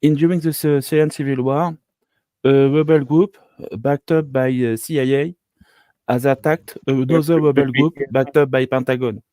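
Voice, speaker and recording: A man's voice: medium pitch, fairly even intonation, normal speed, warm tone, no room sound. A man calling in to a stream, earnestly telling a story with careful phrasing over a video call. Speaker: caller. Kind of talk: casual storytelling.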